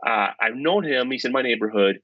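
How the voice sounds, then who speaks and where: A middle-aged man, a professor and podcast guest, telling stories in an animated, self-deprecating way. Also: medium pitch, fairly quick, dry recording. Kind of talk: storytelling in conversation. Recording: dull lo-fi podcast audio.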